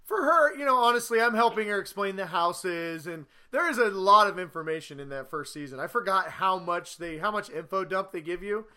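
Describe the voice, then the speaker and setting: A man in his thirties co-hosting a casual podcast, telling a story with lively quoted voices. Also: sits high, fairly quick, few pauses. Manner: animated storyteller, acts out quotes loudly. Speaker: podcast co-host. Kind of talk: casual chat.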